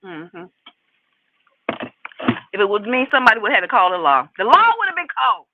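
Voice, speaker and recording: A woman delivers casual opinion commentary to her viewers. Her pitch swings up and down constantly and she leans on repetition to drive her points home. The sound is thin and phone-like, with a dry, close feel. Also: fairly quick, dry recording. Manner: animated, talks straight to viewers, lots of repeated emphasis. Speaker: commentary channel host.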